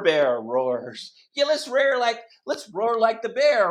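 A man's voice: very high-pitched, takes it slowly, few pauses, lo-fi sound. A man runs a pretend gymnastics class for young children, his voice swinging widely up and down as he coaches. He praises constantly, counts stretches aloud and breaks into bear roars to keep it playful. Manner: animated, encouraging, sing-song counting; cheerful praise and animal roars. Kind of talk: playful kids' class role-play.

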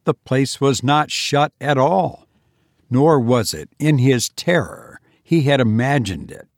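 A man reading an audiobook aloud in a measured, deliberate way. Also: medium pitch, animated, no echo, studio quality. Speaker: narrator. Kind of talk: audiobook narration.

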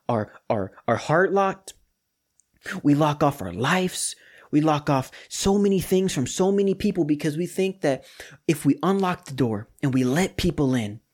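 Lively colloquial podcast preacher man. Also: on the high side. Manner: lively, colloquial and talks straight to the audience. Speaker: host of a scripture study podcast. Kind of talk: casual preaching.

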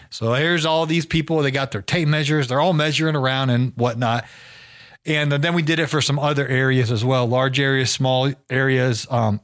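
A man's voice: medium pitch, a bit bright. A man hosting a podcast, telling a story casually with many fillers and restarts, his voice a little worn. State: losing his voice. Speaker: podcast host.

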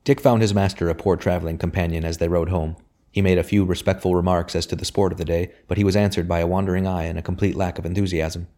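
A man reads a historical novel aloud as an audiobook narrator. His voice sits very low and he moves through the text quickly. The reading is steady and measured. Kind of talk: scripted narration.

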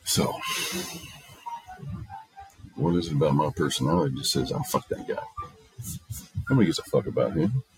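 A man's voice: rumbling low, lively intonation, a little fast, pauses often, poor audio. A middle-aged man hosting a casual monologue, telling stories in a blunt, profane way. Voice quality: gravelly, husky. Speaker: podcast host.

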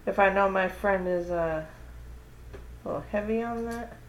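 A woman working as a bartender, talking casually in a hesitant, halting way. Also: mid-range voice, roomy sound, a little hiss or hum, rough recording. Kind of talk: casual chat.

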